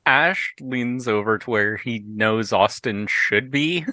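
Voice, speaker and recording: A man playing a tabletop game, describing his character's moves in a halting, thinking-aloud way. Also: lowish voice, sharp tone, no echo. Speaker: player. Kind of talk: tabletop role-play.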